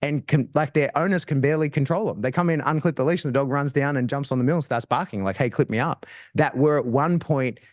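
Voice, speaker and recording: A dog trainer chats casually as a podcast guest, explaining things in slangy language and often restarting his phrases. His mid-range voice moves fast with hardly any pauses, in a clean studio recording with no echo.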